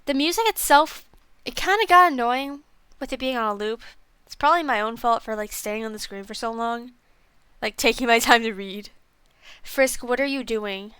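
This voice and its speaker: A woman's voice: a little high, moderate pace, pushed and bright, smooth, no echo. Rambling young woman streamer. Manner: rambling, self-deprecating, lots of fillers. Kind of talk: casual game review chat.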